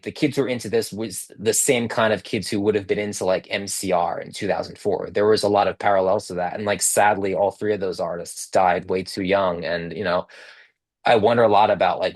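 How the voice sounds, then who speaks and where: Guy in his 30s rambling on a video call, lotsa filler words, kinda low voice, dry sound. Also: no echo. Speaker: author guest. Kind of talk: casual conversation over video call.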